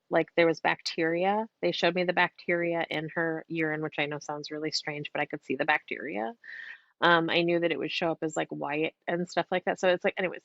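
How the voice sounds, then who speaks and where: A woman psychic medium, a podcast guest, telling a story in a chatty, animated way, now and then swearing casually. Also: on the low side, no echo. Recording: dull, dry lo-fi podcast audio.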